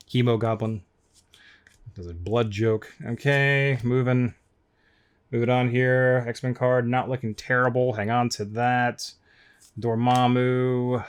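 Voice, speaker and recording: A man opening trading card packs on camera, grumbling wryly about poor centering and talking to his viewers as folks. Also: mid-range voice. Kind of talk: casual box-break commentary.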